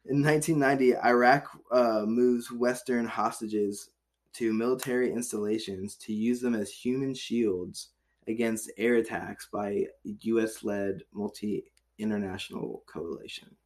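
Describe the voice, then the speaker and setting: A man's voice: lowish voice, fairly even intonation, unhurried. A man co-hosting a podcast, reading out historical dates and then riffing on them in loose, profane banter. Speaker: podcast co-host. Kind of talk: casual chat.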